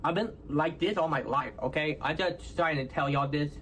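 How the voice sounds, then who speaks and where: A man from Houston with a Texan accent, speaking in halting, hard-to-follow phrases and ending nearly every phrase with "all right, y'all?". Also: a little high, a bit bright, a little hiss or hum. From Houston, Texas. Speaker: content creator in a played clip. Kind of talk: casual self-explaining talk to viewers.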